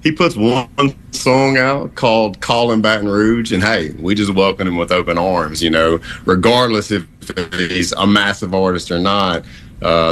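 A man's voice: low voice, a bit bright, slight background noise. A man from Louisiana, a country singer in his thirties, answering interview questions in an easygoing, drawling way.

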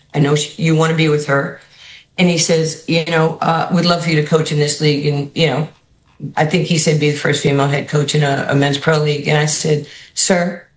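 A woman with a New York accent, coaching basketball, tells stories in an interview. She acts out the people she quotes with an animated, lively delivery. Her voice carries a roomy studio echo. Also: low voice. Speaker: basketball head coach, guest. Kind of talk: storytelling interview answers.

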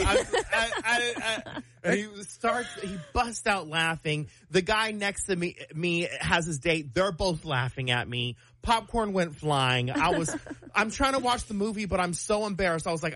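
A young man on a radio show spins an embarrassing story with self-mocking energy. His voice sits high and bright and leaps up and down as he talks. The sound is close and dry. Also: no room sound. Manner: animated, self-mocking, quick bursts. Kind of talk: casual morning-show storytelling.

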